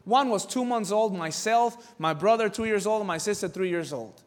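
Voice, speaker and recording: Male preacher, animated, shouts then drops to near-whispers, high voice, long hall reverb. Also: normal speed. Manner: animated, swings from shouting to low quiet asides. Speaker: pastor. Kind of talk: sermon.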